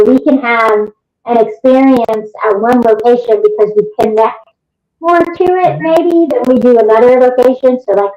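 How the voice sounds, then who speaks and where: Woman telling a story in an echoey room. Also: fairly high pitch. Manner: animated, vivid storytelling. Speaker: guest. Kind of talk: interview storytelling. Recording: roomy, muffled remote recording.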